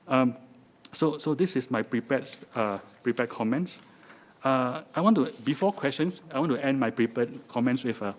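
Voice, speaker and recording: A man's voice: mid-range voice, darkish tone. A man with a Singaporean accent giving a joking, chatty talk to a live audience in a lecture hall, with many restarts. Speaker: guest speaker.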